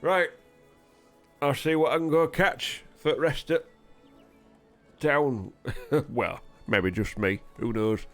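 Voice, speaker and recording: A man's voice: mid-range voice, takes it slowly, pauses often, fairly bright tone. A cheeky, blunt pig farmer with a broad Yorkshire accent, as a man plays him. He swears with cheer and talks plainly. Faint music plays under him. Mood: cheery.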